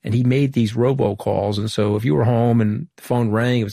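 A middle-aged man from Long Island tells his story in an interview, moving briskly from anecdote to anecdote and acting out bits of dialogue. His voice sits on the low side. The sound is close and dry, with no room around it. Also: steady tone, vocal fry, mellow, no echo. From Long Island, New York. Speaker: interview guest, former political communications director. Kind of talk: candid storytelling interview answers.

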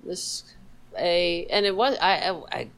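A woman's voice: lowish voice, animated, slow pace, rough recording. A woman hosting a casual political livestream, sarcastic and profane, chatting to her dog between topics. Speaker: livestream host.

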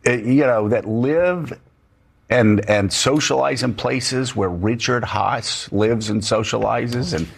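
A man's voice: medium pitch, slow, vocal fry, slightly rough. A male talk show host arguing politics with sarcastic emphasis.

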